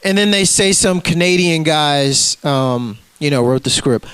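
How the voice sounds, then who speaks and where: A man with a high-pitched voice rants, cursing freely and calling people out. His sound is dry and close, with no room behind it. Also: lively intonation, a little slow, a bit bright, clear, resonant tone, dry recording, low-quality recording. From United States. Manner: ranting, profane, confrontational. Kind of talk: profane rant to camera.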